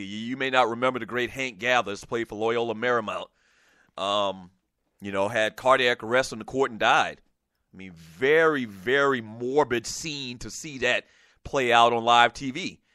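A man hosting a casual sports talk show, animated, often laughing and reading listener messages aloud. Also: medium pitch, no echo, studio quality.

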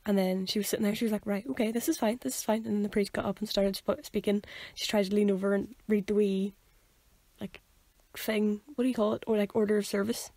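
A young woman chatting on a podcast, telling stories and acting out the lines of the people in them. Her voice has a slight gravelly edge, and the sound is dry and close to the mic. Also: mid-range voice, flat delivery, brisk, dark tone, no room sound. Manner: chatty storyteller, acts out quoted voices. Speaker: podcast co-host. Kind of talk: casual chat.

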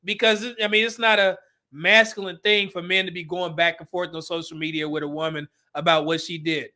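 High, bright-voiced man hosting a livestream. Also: level tone, fairly quick. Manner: blunt, preachy, laughs often. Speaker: livestream host. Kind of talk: livestream commentary on clips.

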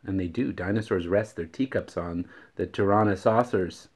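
Low-voiced man chuckling through dad jokes. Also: moderate pace, slightly rough. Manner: repeats each riddle, chuckles at his own punchlines. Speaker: host. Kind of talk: daily joke-telling vlog. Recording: dull lo-fi recording.

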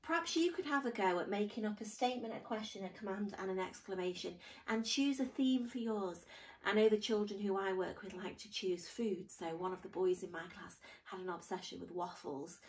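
A woman's voice: mid-range voice, distant mic, rough recording. A woman teaching a grammar lesson to pupils, patiently explaining step by step with examples.

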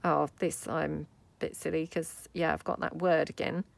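A woman's voice: low voice, flat delivery, moderate pace, vocal fry, dry recording. A woman hosting a crafting tutorial, chatting casually and thinking aloud as she works at a craft table. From United Kingdom. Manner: chatty, thinking aloud while working, soft asides. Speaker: craft video host.

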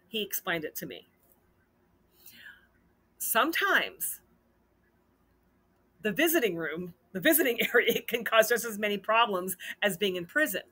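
A woman hosting a casual storytelling vlog, animated and acting out the dialogue in her story. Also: medium pitch, moderate pace. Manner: animated, acts out quoted dialogue. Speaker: host.

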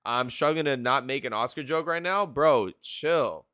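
A man's voice: mid-range voice, moderate pace, clean tone, no echo, studio quality. A young man livestreaming his reactions to an anime, cursing freely and laughing often. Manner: animated, profane, laughs often. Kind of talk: live reaction commentary.

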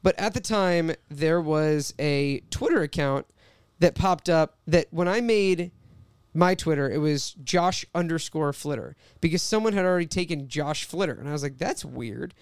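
A man in his twenties, a podcast guest, telling an animated story and reading out old posts. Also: on the high side, normal speed, clean tone, no echo, studio quality. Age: 20s. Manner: animated storytelling, quoting tweets. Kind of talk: casual podcast chat.

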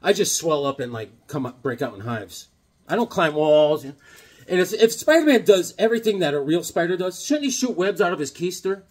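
A man's voice: high voice, big pitch swings, moderate pace, husky. A man showing off his comic book collection in a rambling, joking way, often acting out little conversations in silly voices. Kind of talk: casual comic collection show-and-tell.

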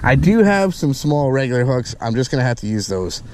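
A man filming a fishing vlog outdoors by a canal, talking to viewers and getting loud and excited whenever a fish bites. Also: medium pitch, a little fast, noisy background. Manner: excitable, talks to viewers as "guys", shouts and laughs when a fish bites. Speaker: fishing vlogger.

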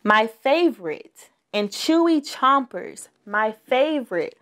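A woman voicing little bear cubs, a boy and a girl, who whine and beg excitedly. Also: sits high, takes it slowly, voice pushed up, exaggerated voice. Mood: whiny, begging. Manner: whining, begging, excited.

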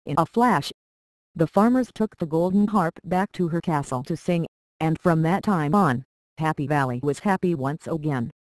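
A narrator reading a children's storybook aloud with a steady, even delivery. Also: medium pitch, normal speed, no echo, low-quality recording.

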